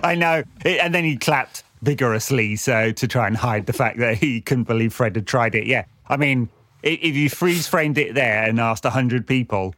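A man co-hosting a casual football podcast, relaxed and easygoing. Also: medium pitch, moderate pace, dry recording, studio quality. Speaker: podcast co-host.

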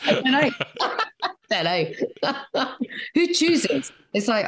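A woman's voice: high voice, big pitch swings, extremely slow, fairly bright tone. A middle-aged Scottish woman, a guest comedian in a casual chat, chatty and self-mocking, often laughing. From Scotland.

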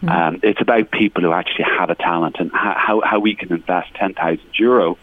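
A man guesting on a radio show, speaking in a measured, hesitant way with many fillers. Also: sits low, dry recording. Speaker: guest promoting a talent directory. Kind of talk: radio interview. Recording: tinny phone-line audio.

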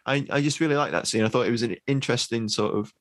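A man's voice: mid-range voice, fairly bright tone, dry recording. A British man co-hosting a film podcast, chatting casually with lots of restarts and ums. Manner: halting, many restarts and ums. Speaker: podcast co-host.

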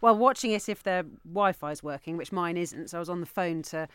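A woman's voice: on the low side, fairly quick, a bit bright, clear, resonant tone, no room sound. A woman co-hosting a radio talk show, trading dry, teasing remarks with the host. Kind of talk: casual radio chat.

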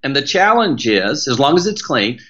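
A man's voice: medium pitch, very animated, moderate pace, a bit bright, slightly rough, lo-fi sound. A middle-aged man with a Southern American accent, a motivational speaker talking as a podcast guest in an emphatic, preacher-like rhythm with lots of repetition. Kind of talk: podcast interview.

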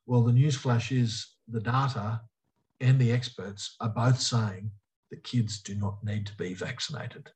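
A man's voice: mid-range voice, steady tone, a little slow, darkish tone, poor audio. An Australian man, a politician being interviewed, speaking emphatically and repeating short punchy phrases. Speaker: politician guest. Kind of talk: interview answers.

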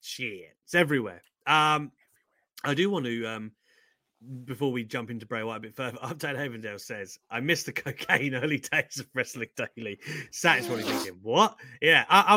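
A man co-hosting a news chat show, with a high-ish, bright voice that rises and falls a lot. He jokes loudly, then drops to a mutter. The close mic sounds dry, with no room in it. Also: no echo. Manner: loud, jokey, laughing, swings between shouting and muttering. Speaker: co-host of a wrestling news show. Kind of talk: energetic casual banter.

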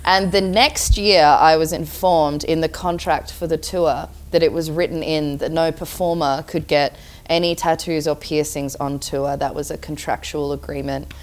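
A woman's voice: sits low, steady tone, normal speed. An Australian woman co-hosting a casual podcast, upbeat and teasing. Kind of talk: casual chat.

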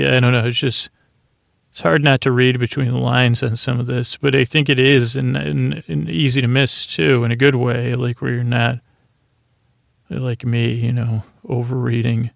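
A man's voice: medium pitch, little pitch movement, moderate pace, creaky, no room sound, studio quality. A man hosting a bedtime podcast, recapping a TV episode in a meandering, hesitant way full of asides and restarts. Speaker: podcast host.

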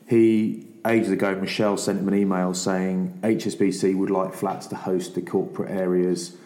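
A man hosting a podcast, chatting and telling anecdotes in a casual, lively way. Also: sits low, normal speed. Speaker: podcast host. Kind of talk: casual chat. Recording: echoey room.

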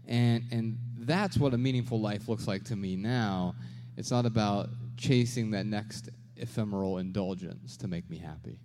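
A man's voice: lowish voice, moderate pace, background noise. A man co-hosting a live podcast show, telling his story in an earnest, reflective way before an audience. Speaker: podcast co-host. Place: large venue with a live crowd. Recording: reverberant live venue.

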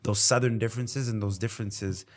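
Comedian guest, male, lower register, rambling and chatty. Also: steady tone, fairly quick. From Canada. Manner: rambling, heavy on fillers and acted-out quotes. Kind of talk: casual interview chat.

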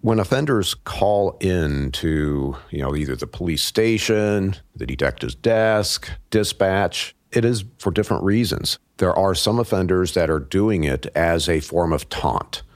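A man co-hosting a podcast who speaks in a deliberate, analytical way. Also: deep voice, lively intonation, no room sound. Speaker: podcast co-host, investigator.

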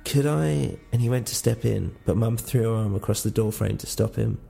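Low, gravelly male narrator. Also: little pitch movement, a little fast, mellow, soft background music. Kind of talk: first-person audio drama narration.

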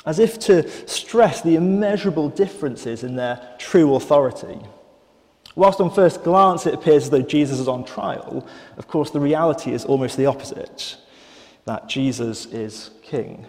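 A man preaching a sermon in a church, thoughtful and measured, with some fillers and restarts. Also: on the high side, a little mellow, long reverb tail.

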